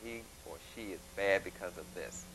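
A man giving a plain, instructive lecture, with folksy images and a halting delivery. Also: low voice, a bit bright, rough recording. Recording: faint mains hum.

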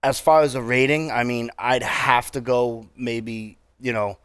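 A man with a New England accent co-hosting a casual chat, relaxed and halting with lots of fillers. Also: medium pitch, clean tone, dry recording, studio quality. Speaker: podcast co-host.

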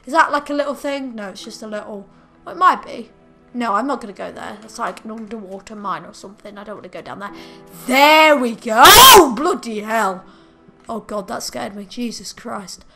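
Woman, let's-play commentator, excitable and shrieky, high lively voice. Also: normal speed, soft background music. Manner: excitable, shrieks and scolds a pet dog. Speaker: gaming video creator.

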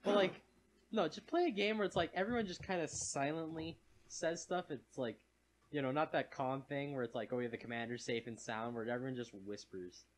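A man's voice: fairly high pitch, moderate pace, slight background noise. A man commentating a co-op game, making wry joking asides. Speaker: co-op gameplay commentator. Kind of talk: joking let's-play banter.

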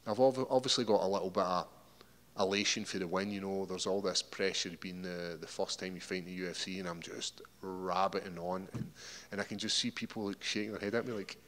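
A man's voice: deep voice, steady tone, brisk, fairly bright tone. A man with a Scottish accent, a fighter at a media day interview, rambling and repeating words as he talks. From Scotland. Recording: echoey hall.

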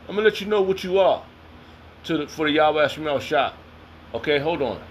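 A self-styled preacher reads scripture aloud and comments on it in a heated, confrontational, slangy way. He talks fast in a voice on the high side, with a little hiss or hum in the background.

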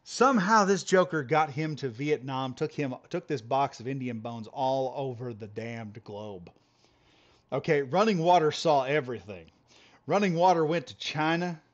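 A man streaming a game while telling a long, animated story with lots of laughs and restarts. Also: medium pitch, normal speed, lo-fi sound. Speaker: gaming streamer. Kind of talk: casual storytelling on a live stream.

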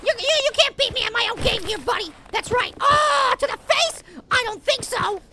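A man voicing a tiny, excitable male cartoon apple who gives gameplay commentary and gets riled up at his opponent. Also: normal speed, background noise. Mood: excited. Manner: squeaky, easily riled, shouting at opponent. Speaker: let's play gamer.

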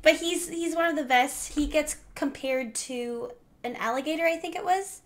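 A woman's voice: high voice, normal speed. A young woman hosting a reaction channel, chatting casually, giggly and a bit hesitant. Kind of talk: casual chat.

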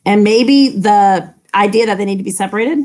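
A woman's voice: mid-range voice, normal speed, darkish tone. A woman English teacher casually explaining a novel to her students, chatty and full of fillers.

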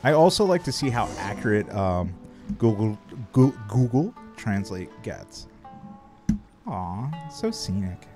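A man's voice: fairly low pitch, big pitch swings, slow, music in the background. A man chatting casually on a live game stream, playful and joking, swearing freely. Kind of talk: casual live-stream chat while gaming.

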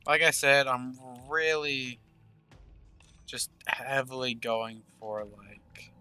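Slow, bright-voiced man playing a game. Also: medium pitch, clean tone, faint music behind. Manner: thinks aloud, reads out game text in a murmur. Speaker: gaming channel host. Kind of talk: casual gameplay commentary.

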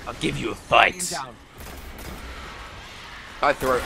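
A teenage boy commentating his own gameplay in a goofy, trash-talking way, sniffly from a cold, swinging from mumbled asides to excited yells. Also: medium pitch, measured pace, long pauses. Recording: noisy home recording.

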